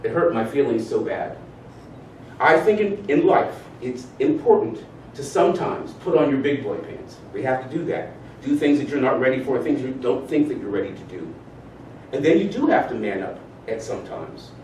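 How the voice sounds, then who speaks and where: A man giving a motivational talk, animated as he leads his audience in spoken exercises. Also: mid-range voice. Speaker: speaker leading a talk. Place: event room with audience. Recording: roomy sound from far off, faint noise.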